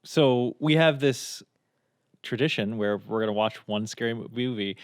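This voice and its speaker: A man's voice: medium pitch, moderate pace, smooth, no room sound, clean studio sound. A man co-hosting a casual podcast, teasing his co-host and laughing often. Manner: teasing, laughs a lot, lively. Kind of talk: casual chat.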